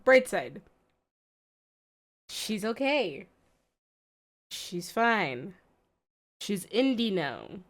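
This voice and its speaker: Slow, blunt, swearing woman streamer. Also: mid-range voice, big pitch swings. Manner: blunt and profane, swinging between outbursts and mumbling. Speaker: streamer reacting to a video. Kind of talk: reaction commentary.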